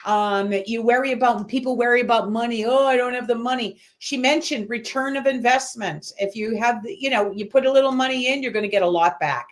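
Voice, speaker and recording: Chatty woman host, high voice. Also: fairly quick, few pauses. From Massachusetts. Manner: chatty, laughs often, many "um" fillers. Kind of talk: casual chat. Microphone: online video call.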